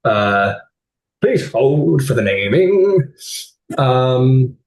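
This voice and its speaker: Casting: lively, rambling male game master narrating a tabletop scene. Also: mid-range voice, extremely slow. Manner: rambling, self-correcting.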